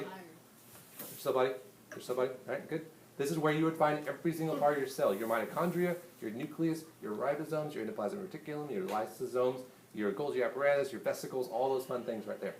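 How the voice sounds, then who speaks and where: A male teacher giving a lively, hands-on classroom lecture and speaking directly to his students. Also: medium pitch, roomy sound, slight background noise.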